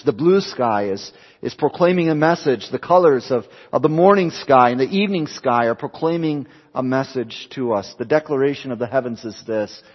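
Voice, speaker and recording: A pastor delivering an evening sermon, building phrases through repetition and rising and falling for emphasis. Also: male voice, medium pitch, long reverb tail, highs cut off. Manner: preaching with repetition, swelling and dropping for emphasis. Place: church.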